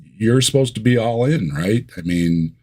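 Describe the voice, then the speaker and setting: A man's voice: mid-range voice, lively intonation, measured pace, darkish tone. A man talking as a guest in a casual chat. He is easygoing with dry humor and often repeats words as he starts a thought.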